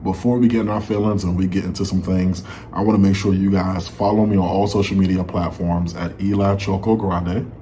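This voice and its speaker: A man's voice: deep voice, level tone, fairly quick, mellow, a little hiss or hum. A man hosting a casual reaction vlog, chatty and rambling, full of fillers, while sick with a sore throat. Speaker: YouTube reaction host.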